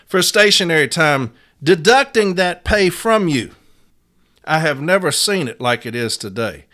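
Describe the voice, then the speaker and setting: A man's voice: on the high side, bright, forceful tone. A man hosting a podcast, delivering a profane, heated rant about union leadership. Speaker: podcast host.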